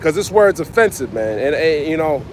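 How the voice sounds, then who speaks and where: High-pitched guy preaching outside, blunt slangy talk, keeps saying man, faint street noise. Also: sing-song, normal speed. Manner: blunt, slangy, repeats "man" at line ends. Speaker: livestream preacher. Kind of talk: street sermon, answering live chat.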